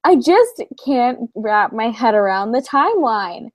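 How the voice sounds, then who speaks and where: Young woman co-host, slightly high voice, dry sound, relaxed, hesitant with fillers. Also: unhurried, no echo. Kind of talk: casual livestream chat.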